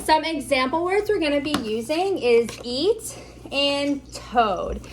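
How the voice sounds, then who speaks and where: A woman teaching as a speech therapy instructor, slowly over-enunciating the sounds she models. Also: high-pitched, expressive, background noise. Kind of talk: instructional demonstration.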